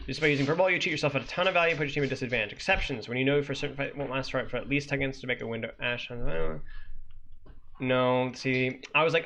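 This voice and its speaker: A man's voice: medium pitch, quick pace, vocal fry, pushed and bright. A man coaching as he reviews a gameplay guide on stream, ranting and critiquing with sudden incredulous outbursts.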